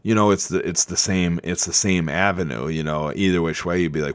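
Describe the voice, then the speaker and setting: A man hosting a casual chat, rambling with many restarts and fillers, and bursting out loudly when he acts out people's reactions. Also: low-pitched, fairly even intonation, fairly quick, clear, resonant tone. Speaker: podcast host.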